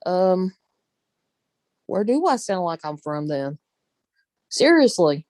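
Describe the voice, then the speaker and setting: Southern woman, unhurried drawl, dry close sound, chatty vlogger, laughs a lot. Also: medium pitch, a little mellow, no echo. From Southern United States. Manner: talkative, laughs often, drawling folksy phrases. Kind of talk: casual chat.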